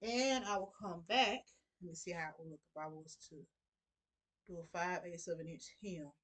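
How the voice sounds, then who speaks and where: A woman's voice: fairly low pitch, normal speed, fairly bright tone. A middle-aged woman giving a casual sewing tutorial, chatty and talking to her viewers as y'all. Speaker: sewing vlogger.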